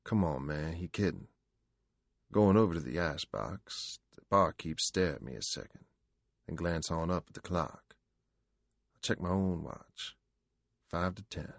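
A man's voice: sits low, unhurried, creaky, fairly bright tone, dry recording, studio quality. A man narrating an audiobook in the first person, in a slangy, vernacular storytelling manner.

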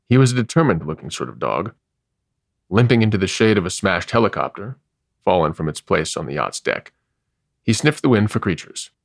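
Gravelly, low-voiced male storyteller. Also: dry recording, clean studio sound. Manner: wry, measured, expressive. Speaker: narrator. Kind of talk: storybook reading.

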